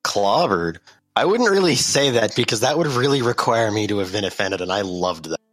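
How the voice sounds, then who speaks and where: A man's voice: fairly low pitch, brisk, a bit bright, no echo, soft background music. A teenage boy chatting casually as a podcast guest, blunt and jokey. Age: teens. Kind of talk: casual chat.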